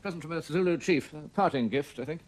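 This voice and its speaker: Actor playing a diffident ex-army gentleman, modest, mumbling, quick. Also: fairly high pitch, close to an everyday voice. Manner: diffident, self-deprecating, mumbling. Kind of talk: 1970s television period drama.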